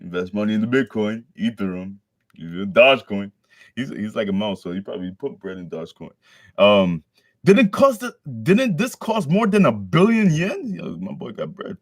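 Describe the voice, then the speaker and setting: A man's voice: lowish voice, sing-song, moderate pace, no echo, clean studio sound. Slangy man joking through a manga chapter. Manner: slangy, joking asides between read lines. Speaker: manga reader. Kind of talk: casual chapter read-through with commentary.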